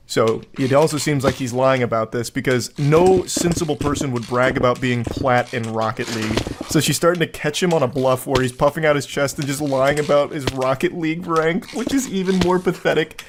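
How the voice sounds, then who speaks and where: A man's voice: mid-range voice, fairly quick, few pauses, background noise. Mocking, exasperated male commentator, clicks behind. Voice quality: voice cracking when exasperated. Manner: incredulous, mocking, profane. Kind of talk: reaction commentary reading out text messages.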